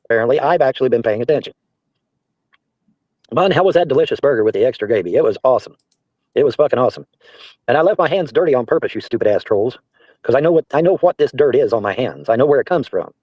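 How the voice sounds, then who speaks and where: A man's voice: mid-range voice, lively intonation, fast talker, no room sound. A man livestreaming, reading comments aloud and answering them with profane, mocking jabs. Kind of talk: casual livestream rant. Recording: dull, dry lo-fi stream audio.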